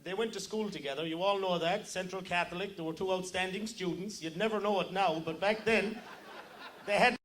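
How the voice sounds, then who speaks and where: A man's voice: high voice, a little fast, fairly bright tone, slight background noise. A man with an Irish accent telling jokes at a luncheon in a teasing, chatty, self-mocking way. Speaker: joke teller at a luncheon. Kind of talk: stand-up joke telling. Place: luncheon room. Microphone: handheld microphone.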